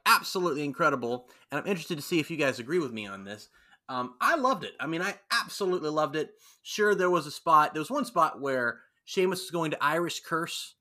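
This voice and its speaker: A man with a bright, slightly high voice. He talks with eager enthusiasm on a casual podcast, piling on emphasis. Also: animated, brisk. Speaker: podcast co-host. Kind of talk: casual wrestling chat.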